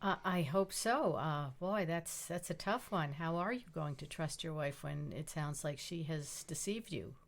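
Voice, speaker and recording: A man hosting a comedic interview, asking questions in a gentle, hesitant way. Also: fairly high pitch, unhurried, vocal fry, few pauses. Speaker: interviewer, host.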